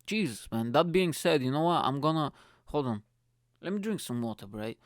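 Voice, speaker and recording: A man hosting his own podcast from his attic room, talking in an excitable, profane, joking monologue. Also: fairly high pitch, moderate pace, no echo. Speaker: podcast host. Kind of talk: casual solo podcast monologue.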